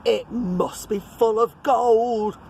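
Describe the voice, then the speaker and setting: A woman's voice: on the high side, steady tone, slow pace, vocal fry, warm tone, a little hiss or hum, pitched above the performer's own voice. A woman voicing a bossy, demanding male pirate chief who barks orders. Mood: eager.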